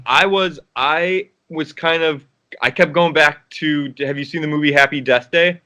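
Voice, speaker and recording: A man's voice: fairly high pitch, measured pace, pushed and bright. A man, an actor guest, chatting casually in an interview, rambling with restarts and frequent laughs.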